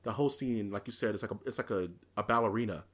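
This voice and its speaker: A man hosting a casual film review chat, rambling through scene retellings with excitement. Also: lowish voice, fast, a crowd in the background.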